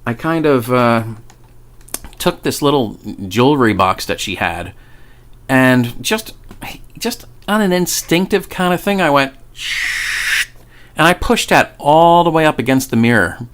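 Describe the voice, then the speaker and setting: A man's voice: medium pitch, big pitch swings, measured pace, fairly bright tone, clear, resonant tone. A young man telling a ghost story in casual, rambling fashion, swearing often and stumbling over restarts. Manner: rambling, profane, stammering restarts. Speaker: paranormal vlogger.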